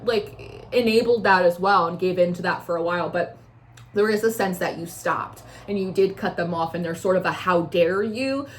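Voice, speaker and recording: A woman's voice: fairly low pitch, fairly even intonation, a little fast, slight background noise. A young woman giving a casual intuitive tarot reading, rambling with many fillers and acting out quoted voices. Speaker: tarot reader.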